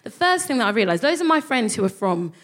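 Animated London woman telling comic stories. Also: a little high, quick pace. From London, England. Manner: animated, swears freely, acts out voices. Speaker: co-host. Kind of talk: comic storytelling before a live audience.

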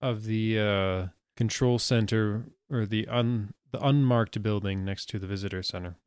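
A man playing a tabletop game, calmly describing his character's actions. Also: on the low side, normal speed, smooth, no room sound, clean studio sound. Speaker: player.

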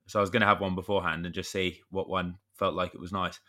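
A man's voice: low-pitched, level tone, quick pace, bright, forceful tone. A man, co-hosting a podcast and telling a rambling story in casual chat. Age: 30s. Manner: rambling storyteller, chatty with mild swearing. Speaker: podcast co-host.

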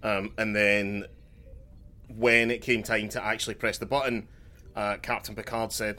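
A man's voice: on the low side, little pitch movement, unhurried, pushed and bright. A man co-hosting a podcast, casual chat with dry, sweary humour. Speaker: podcast co-host.

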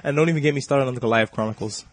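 A man hosting a podcast, recapping an episode in a casual, excitable and profane way, acting out the characters' lines as he goes. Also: medium pitch, rapid-fire, a little hiss or hum. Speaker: podcast host.

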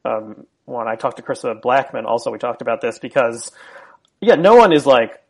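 A man hosting a podcast, talking in a relaxed, rambling way with fillers. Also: medium pitch, normal speed, vocal fry, slightly rough. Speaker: podcast host. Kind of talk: casual conversation.

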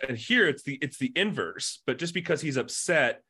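A man's voice: fairly high pitch, expressive, moderate pace, bright, forceful tone, husky. A man co-hosting a casual podcast chat, talking things through with lots of "you know" and his voice rising when he makes a point. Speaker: podcast co-host. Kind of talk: casual chat about motor racing.

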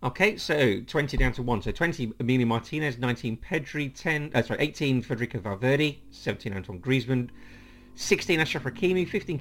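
A man's voice: mid-range voice, a bit bright. Guy hosting a football podcast, rattles through lists, fixes his slips. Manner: reads lists briskly, self-correcting. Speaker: podcast host. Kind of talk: casual panel chat.

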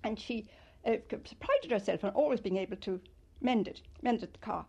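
A woman's voice: mid-range voice, moderate pace, vocal fry, breathy edge, lo-fi sound. An older woman reminisces in an interview, her voice rising and falling a lot as she tells her stories. She speaks with fond animation. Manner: fond, animated storytelling with loud mimicry.

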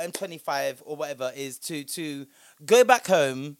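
A man's voice: on the high side, lively intonation, normal speed, clean tone, no room sound. A young man, delivering a profane, sarcastic ranting commentary as a vlogger. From Britain. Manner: profane, sarcastic, shifting loudness.

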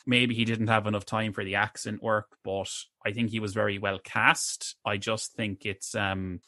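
A man's voice: fairly low pitch, little pitch movement, normal speed, sharp tone, dry recording, clean studio sound. A man co-hosting a film review podcast, talking casually with many hesitant restarts. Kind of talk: casual chat.

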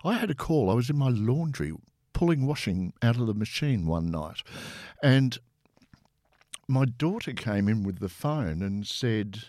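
A man with a very low voice tells long stories in a relaxed, chatty way. He is recorded dry and close, with no room sound around him. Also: no room sound. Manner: anecdotal, chatty, with fillers. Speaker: interview guest, former tour manager. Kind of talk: relaxed storytelling.

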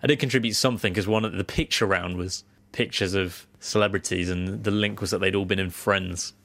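A man's voice: low voice, fairly even intonation, brisk, a bit bright, dry recording. A man from Guernsey co-hosting a podcast, chatting casually with dry, wry teasing humor. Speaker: podcast co-host. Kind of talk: casual chat.

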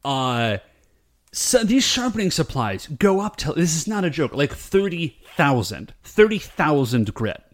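Man, casual podcast chat, rambling and lively, pitch jumping around. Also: a little slow. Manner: animated, rambling, lots of fillers. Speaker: podcast co-host.

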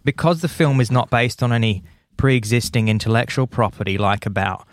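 A man's voice: medium pitch, brisk, no room sound, clean studio sound. A man hosting a podcast in casual chat, enthusiastic and playful, often repeating lines for effect. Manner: enthusiastic, repetitive listing, playful. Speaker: podcast host.

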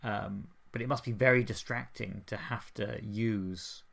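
A man's voice: lowish voice, fairly even intonation, a little slow, vocal fry, a bit bright. A man co-hosting a podcast, giving wry, opinionated commentary on a TV series. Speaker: podcast co-host. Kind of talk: casual discussion of a TV series.

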